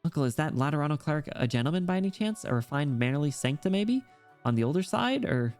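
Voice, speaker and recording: A man's voice: a little high, big pitch swings, quick pace, a little mellow. A man voicing a cheeky, teasing young noble in a game story, in a lifted mock-British voice over faint music.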